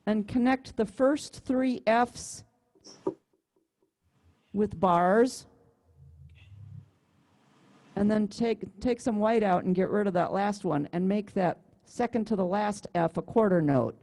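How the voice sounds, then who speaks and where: Brief: woman music teacher, mellow warm tone, patient and explanatory, on a video-call mic. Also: mid-range voice, measured pace. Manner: patient, explanatory, counts beats aloud. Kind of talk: online class instruction. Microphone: computer mic on a video call.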